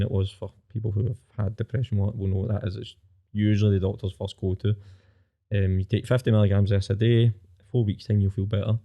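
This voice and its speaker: A Scottish man in his twenties telling his own story candidly as a podcast guest, plain-spoken and rapid. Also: on the low side, little pitch movement, vocal fry, dull audio.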